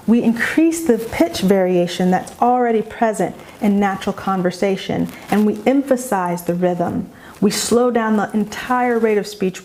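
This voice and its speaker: Woman, educator, calm, deliberate, instructional narration, mid-pitched voice. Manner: slow, calm, deliberate explanation. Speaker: educator for parents of young children.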